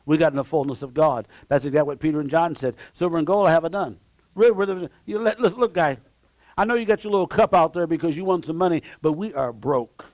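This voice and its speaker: Emphatic male preacher, higher-pitched voice. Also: fast, no room sound. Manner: emphatic preaching that swings from shouts to low asides; repeats key phrases, exclamations of praise. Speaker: pastor. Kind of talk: sermon. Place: church sanctuary.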